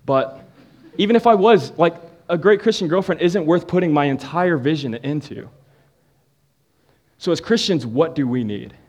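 A man's voice: on the high side, expressive, moderate pace, a little mellow. A young man telling a playful comic story as a youth speaker before shifting into a sermon for a live audience.

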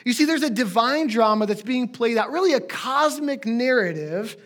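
High-voiced man preaching a sermon. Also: expressive, normal speed. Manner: conversational, warm asides to the congregation. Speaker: pastor.

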